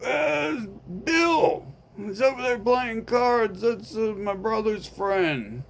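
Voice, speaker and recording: Dude putting on a lazy uncaring torturer, slow and raised up, shrugging it all off. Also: male voice, high voice, animated, creaky, slight background noise, voice pushed up, full character voice. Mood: dismissive. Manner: slow, offhand, dismissive. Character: callous torturer shifting blame.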